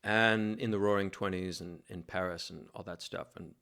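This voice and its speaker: Animated self-mocking male storyteller. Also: sits low, moderate pace, clean tone. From New York City. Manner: animated, self-mocking, laughs while telling. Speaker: guest. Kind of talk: casual interview storytelling.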